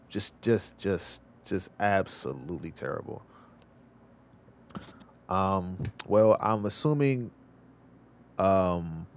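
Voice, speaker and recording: Over slight background noise, a deep-voiced man streams a game and comments casually. His talk is rambling and repetitive, with frequent restarts.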